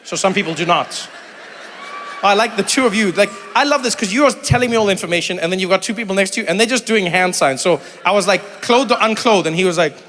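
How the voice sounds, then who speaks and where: A middle-aged man from South Africa doing animated stand-up comedy with crowd work, acting out voices as he tells stories. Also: high voice, fast, background noise. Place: large theater stage. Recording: reverberant hall with faint ambience.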